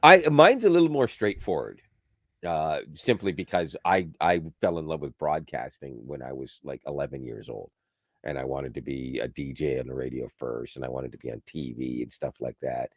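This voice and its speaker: A man co-hosting a podcast in casual chat, animated, laughing often and dropping into quick impressions. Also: rumbling low, dry recording, studio quality. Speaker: podcast co-host.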